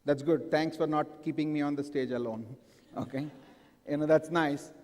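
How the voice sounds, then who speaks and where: A man speaks in a fairly high voice to a live audience in a large hall. He often stops to ask the crowd questions. A long reverb trails after his words. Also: fairly even intonation, moderate pace, a little mellow. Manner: engaging, asks the audience frequent questions. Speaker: conference speaker. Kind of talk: live conference talk.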